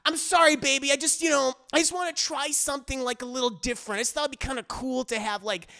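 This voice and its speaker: A man's voice: very high voice, fairly even intonation, fast, creaky, pushed and bright, pitched above the performer's own voice, exaggerated voice. A man voicing a bold, pushy married woman who talks in a raised, brash voice. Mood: coaxing. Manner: brash and demanding, then coaxing.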